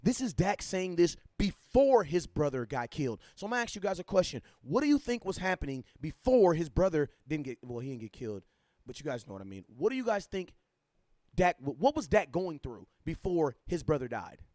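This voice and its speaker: A man hosting a casual sports livestream, talking animatedly, repeating himself and giving shout-outs to viewers. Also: on the high side, very animated, fairly quick, dry recording, studio quality. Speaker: livestream host.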